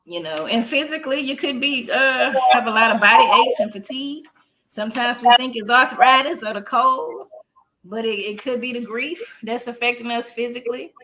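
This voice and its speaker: A woman's voice: a little high, moderate pace, pushed and bright. A woman therapist talking casually on a podcast, explaining things in an earthy, joking way.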